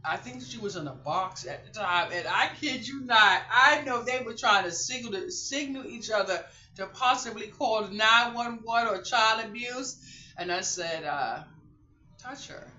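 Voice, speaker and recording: A woman's voice: a little high, a little slow, a little hiss or hum. Chatty woman vlogger, roomy sound. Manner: chatty, rambling, animated storytelling. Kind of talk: casual chat to viewers. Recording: roomy and slightly muffled.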